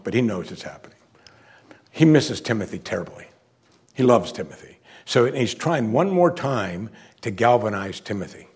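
A man preaching a sermon, moving between quiet, reflective asides and loud, emphatic declarations. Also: medium pitch, breathy edge. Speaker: pastor.

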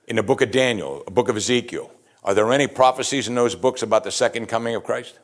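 A man's voice: mid-range voice, quick pace. A man giving a chatty, conversational Bible teaching, often putting rhetorical questions to his listeners. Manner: informal, chatty retelling of scripture.

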